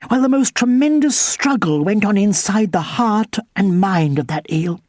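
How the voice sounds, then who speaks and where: A woman narrating a children's audiobook with expressive, lively storytelling. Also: mid-range voice, unhurried, no echo, studio quality.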